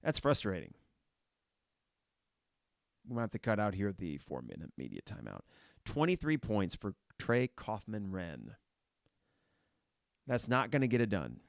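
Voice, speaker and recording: A man's voice: lowish voice, wildly swooping pitch, unhurried, vocal fry, pauses often, no echo, studio quality. Frustrated man calling a game live. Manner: blunt and frustrated, shouts at players; swears casually. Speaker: podcast host reacting live to a basketball game. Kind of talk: live play-by-play reaction.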